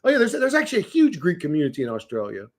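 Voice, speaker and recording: A man's voice: on the high side, huge pitch swings, racing. A man chatting casually on a livestream, rambling and swearing, often restarting his words.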